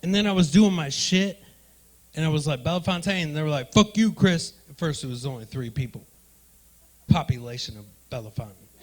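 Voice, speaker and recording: A man's voice: fairly high pitch, fairly quick. A man doing a stand-up comedy set in a club, working the front row with brash, profane banter into a handheld mic. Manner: brash, profane crowd work.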